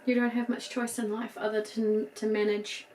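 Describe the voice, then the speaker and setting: A middle-aged woman with a New Zealand accent, chatting casually as she dresses a doll, soft and gushing with murmured asides. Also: on the high side, flat delivery, normal speed, a little hiss or hum, poor audio. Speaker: doll collector. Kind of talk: casual show-and-tell chat.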